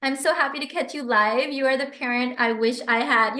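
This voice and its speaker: A woman hosting a live stream, reading viewer comments aloud and answering them in an effusive, animated way. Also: high voice, a little fast, roomy sound. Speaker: livestream host and business coach.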